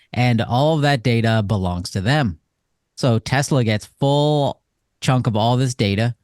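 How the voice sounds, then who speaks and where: A man's voice: medium pitch, smooth, no echo, studio quality. A man co-hosting a podcast in casual chat, joking and sarcastic as he sums up news stories. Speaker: podcast co-host.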